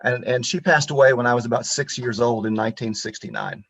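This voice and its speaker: A man's voice: mid-range voice, fairly even intonation, fast talker, a bit bright, dry recording. Earnest storytelling man in his 50s. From Pensacola, Florida. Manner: storytelling, earnest and reflective, with frequent restarts. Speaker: guest speaker on local history. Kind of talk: talk over a video call. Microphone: computer mic on a video call.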